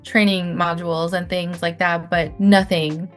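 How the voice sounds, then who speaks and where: A woman's voice: on the low side, flat delivery, unhurried, soft background music. Chatty young woman guest. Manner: chatty, rambling, self-correcting. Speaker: guest, calligraphy business owner. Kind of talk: casual interview.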